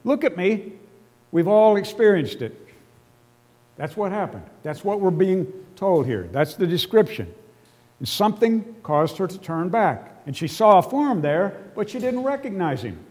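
A man's voice: high-pitched, very animated, moderate pace, a little mellow. A man preaching a sermon, explaining scripture earnestly and emotionally, with casual asides to his listeners. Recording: long reverb of a large hall.

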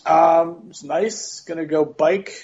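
Deadpan man on a dull remote line. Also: a little high, takes it slowly, vocal fry. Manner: dry, deadpan teasing. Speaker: podcast co-host. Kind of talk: casual chat.

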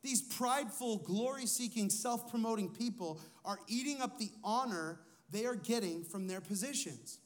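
A man's voice: sits high, moderate pace, hardly any pauses. A man who is a lead pastor, preaching a sermon in a conversational way, asking his listeners questions and telling personal stories.

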